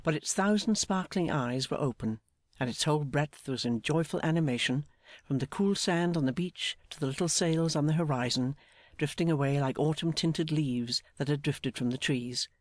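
A man narrating a classic novel as an audiobook, in a measured, earnest storytelling manner. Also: a little high, no room sound, clean studio sound.

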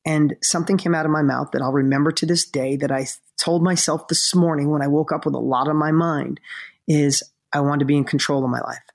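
A man's voice: on the high side, steady tone, fairly quick, creaky. A middle-aged man co-hosting a podcast, telling a personal story in an earnest, emotional way, close to tears. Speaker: podcast co-host.

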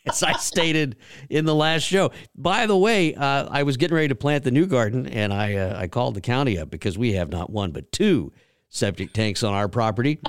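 A man's voice: medium pitch, lively intonation, normal speed, smooth, no echo. A man from Georgia, hosting a talk show in a folksy, rambling, storytelling way. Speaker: radio show host. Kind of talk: casual chat.

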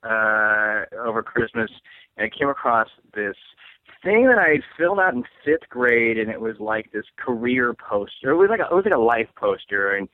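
A man's voice: mid-range voice, big pitch swings, normal speed, no echo. Rambling comedian man on a tinny line. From St. Louis, USA. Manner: rambling, self-mocking, laughs often. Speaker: comedian guest. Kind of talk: casual chat. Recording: dry, phone-like line.

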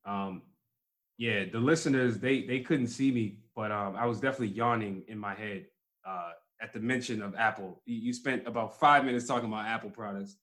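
A man's voice: on the low side, brisk, fairly bright tone. Laid-back man in teasing banter. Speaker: podcast co-host. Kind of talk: casual chat.

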